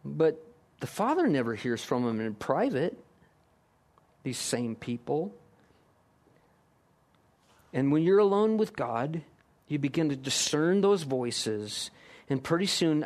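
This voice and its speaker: A man's voice: mid-range voice, a little mellow. A man preaching a sermon, emphatic and full of repeated rhetorical questions. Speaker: pastor.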